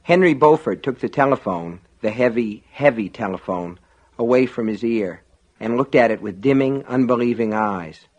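A man reading an audiobook in a measured, dramatic storytelling manner. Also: medium pitch, lively intonation, a little mellow. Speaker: audiobook narrator. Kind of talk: scripted audiobook narration.

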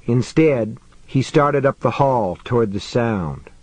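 A male audiobook narrator telling a horror story in a measured, wry way. His voice sits at a middling pitch, neither high nor low, and the recording is dry and close, with no room sound. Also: animated, darkish tone, no room sound. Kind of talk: scripted narration of a horror novel.

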